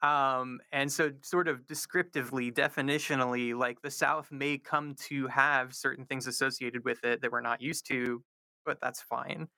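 Southern man, academic guest, thoughtful and halting, gravelly but bright tone, dry close mic. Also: mid-range voice, steady tone, no echo. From American South, North Carolina. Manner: thoughtful, many fillers and restarts. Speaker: linguistics professor guest. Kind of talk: radio interview answers.

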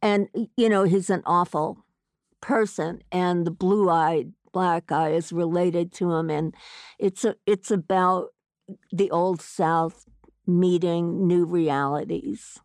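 A woman's voice: lowish voice, steady tone, slow pace, a little mellow, dry recording, clean studio sound. A woman author answering interview questions in a thoughtful, hesitant way with many fillers.

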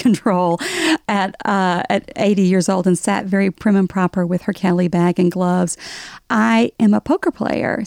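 A woman's voice: mid-range voice, warm tone, no room sound, clean studio sound. A woman in her forties from Alabama with a Southern accent, a guest telling wry stories in an interview and laughing often. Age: 40s. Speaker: guest, writer. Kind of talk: casual interview talk.

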